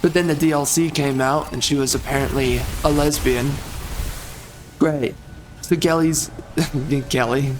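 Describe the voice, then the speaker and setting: A man's voice: on the high side, fairly even intonation, unhurried, pauses often, noisy background. A man ranting as he commentates over gameplay, exasperated and heated, repeating himself and swapping in mild stand-ins for curses.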